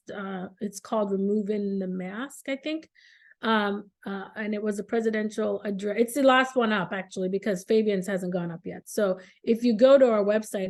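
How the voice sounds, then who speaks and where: A woman's voice: medium pitch, darkish tone. A middle-aged woman surgeon, a guest speaking earnestly on a virtual seminar over a video call, with frequent "um"s. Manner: earnest, many fillers.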